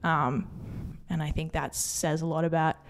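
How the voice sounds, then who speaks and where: A woman's voice: deep voice, steady tone, a little slow, slight background noise. A young woman, a podcast guest chatting casually and laughing often. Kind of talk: casual chat.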